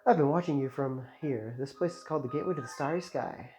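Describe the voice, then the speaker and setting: Man reading as a calm regal space princess. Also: medium pitch, fast, natural voice. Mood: solemn. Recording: slightly muffled, game music behind.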